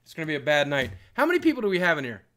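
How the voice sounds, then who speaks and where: Animated, joking male livestreamer. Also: on the high side, very fast. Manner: joking, teasing, shifts loud and quiet. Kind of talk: casual live-stream chat.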